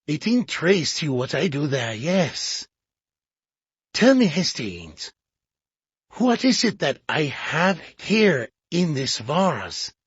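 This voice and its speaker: An audiobook reader voicing a fussy, excitable older male Belgian detective who talks slowly and emphatically with pointed questions. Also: medium pitch, slightly rough, no echo, heavily acted. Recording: dull lo-fi audiobook.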